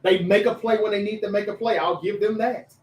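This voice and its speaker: A high-pitched man hosts a casual sports talk livestream in an animated, chatty way, talking straight to his viewers. His voice sits a little back from the mic and rings in an echoey room. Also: fairly quick, far from the mic. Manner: animated, chatty, reads viewer comments aloud and addresses chat directly.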